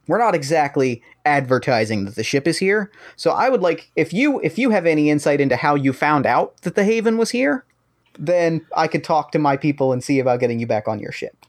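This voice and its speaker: A tabletop player voicing a sly, polite male rebel agent who speaks in a measured way. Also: mid-range voice, lightly acted.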